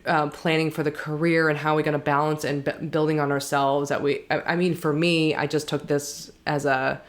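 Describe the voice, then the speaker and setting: A woman co-hosting a podcast, speaking reflectively and haltingly about a personal experience. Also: low voice, flat delivery. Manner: reflective, halting, with many restarts. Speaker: podcast co-host. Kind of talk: candid personal conversation.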